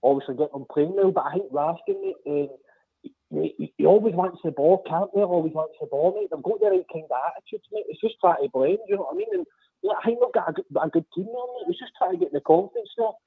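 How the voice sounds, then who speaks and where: A man calling in to a football chat show, talking fast and chatty and saying "mate" all the time. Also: high-pitched, expressive, gravelly, slightly rough, no echo. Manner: chatty, says "mate" constantly. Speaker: phone-in caller. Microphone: phone. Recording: tinny phone line.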